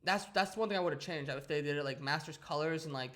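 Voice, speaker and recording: This young man co-hosts a podcast, talking fast in a slightly high, somewhat bright voice. The conversation is casual and meandering, with frequent restarts and lots of "like."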